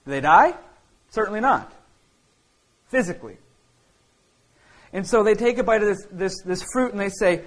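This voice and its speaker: A man's voice: sits high, lively intonation, moderate pace, long pauses, low-quality recording. A man preaching a sermon as a pastor, talking in a conversational way with many fillers and restarts.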